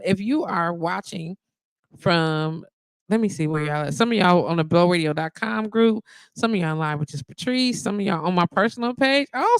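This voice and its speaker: Chatty woman live-stream host, gravelly voice, dry close sound, laughs a lot with viewers. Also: on the low side, no room sound. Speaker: host of a live online radio show. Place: her wellness practice.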